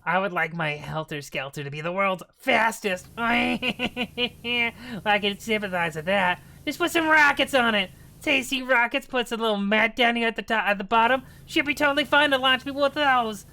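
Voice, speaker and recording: A woman voicing a rowdy, excitable goblin who loves cleaning, raspy and sing-song on a gameplay stream. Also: on the high side, moderate pace. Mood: scheming. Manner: gleeful, sing-song, nonsense syllables. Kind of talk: livestream gameplay voice acting.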